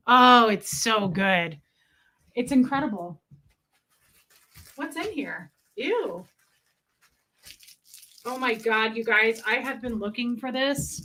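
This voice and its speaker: A woman in her thirties chatting casually as a vlogger, self-mocking and prone to loud dramatic outbursts. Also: a little high, lively intonation, slow pace, long pauses. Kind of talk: casual chat.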